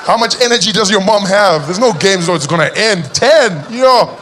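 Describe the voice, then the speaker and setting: A man's voice: high-pitched, lively intonation, moderate pace, noisy background. A young adult man doing stand-up comedy, telling his story animatedly and acting out voices and cries.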